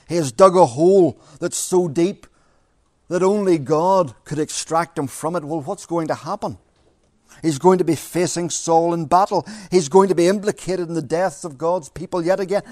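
A man's voice: fairly high pitch, a little mellow, no room sound, clean studio sound. Earnest male preacher. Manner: earnest, repeats phrases for emphasis, rhetorical questions. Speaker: pastor. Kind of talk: sermon. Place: church.

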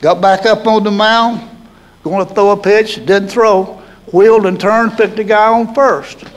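Older man, Southern accent, high voice, folksy chuckling storyteller, interview. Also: steady tone, measured pace, rough recording. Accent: Southern American. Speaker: hall of fame inductee.

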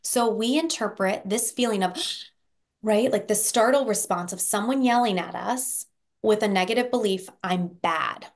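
A woman therapist on a podcast, explaining in a lively conversational way, acting out example voices and often checking in with "right?". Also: medium pitch, moderate pace. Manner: animated storyteller, acts out quoted voices with frequent "right?". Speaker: therapist guest.

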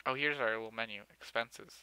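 A man's voice: medium pitch, steady tone, a little fast, sharp tone, clean tone. A young man giving casual let's-play commentary as he builds a city in a game, joking sarcastically and mocking himself. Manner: joking, sarcastic, self-mocking, often laughing.

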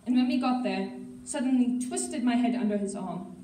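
A woman reads a novel aloud at a school assembly with steady storytelling. Her voice is fairly high and mellow. It sounds distant and roomy, with faint background noise. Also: moderate pace. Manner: steady storytelling with occasional slips. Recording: echoey hall, mic far off.

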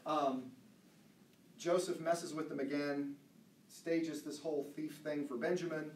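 A man's voice: on the high side, a little fast, slight background noise. Man teaching from a distant mic. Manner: loose and chatty, with fillers and asides, chuckling. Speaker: Bible study teacher. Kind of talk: casual teaching talk, reading scripture aloud. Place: church room. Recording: roomy echo, voice off-mic, faint ambience.

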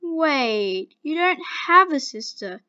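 A woman voicing an excitable, easily flustered young boy, in a dull lo-fi home recording. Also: high voice, takes it slowly, pitched above the performer's own voice, heavily acted. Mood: excited.

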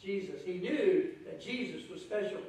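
A man preaching a sermon as pastor, lively, acting out the crowd's voices with a raised voice. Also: high voice, moderate pace, a little hiss or hum. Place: church sanctuary. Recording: echoey church hall from far off.

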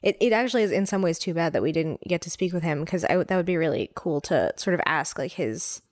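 A woman co-hosting a podcast in casual chat, talking quickly with lots of fillers and restarts. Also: lowish voice, no echo, studio quality. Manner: animated, talks fast with many fillers and restarts. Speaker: podcast co-host.

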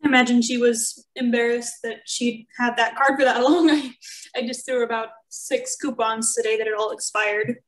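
A woman's voice: on the high side, fairly even intonation, normal speed, distant mic, poor audio. A woman in a class answering the teacher's question with an amused comment. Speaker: class participant.

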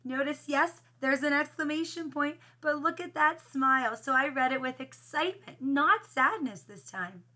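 A woman's voice: high voice, normal speed, few pauses, pushed and bright, a little hiss or hum. A woman first grade teacher reading a picture book aloud to children, patiently explaining how to read it with expression.

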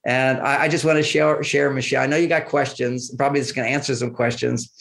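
A man is interviewed about his relationships, telling personal stories casually and acting out snippets of dialogue with frequent chuckles. His voice is mid-range, fairly bright and creaky, steady in tone, and quick.

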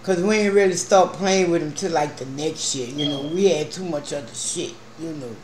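A man co-hosting a casual mukbang at home, reminiscing in a relaxed, profane way. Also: on the high side, normal speed, echoey room, crowd noise, rough recording. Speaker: vlog co-host. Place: at home at a meal table.

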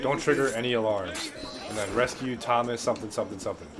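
A man's voice: medium pitch, fast, a loud crowd. A young man giving loose, profane, hyped commentary while playing a video game. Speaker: gaming channel commentator. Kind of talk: casual gameplay commentary. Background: game music.

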